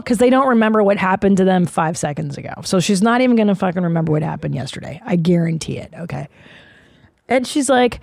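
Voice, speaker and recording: A woman's voice: medium pitch, expressive, fairly quick, gravelly, darkish tone, no echo, studio quality. Blunt, profane woman in her forties. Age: 40s. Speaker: podcast host. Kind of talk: casual comedic chat.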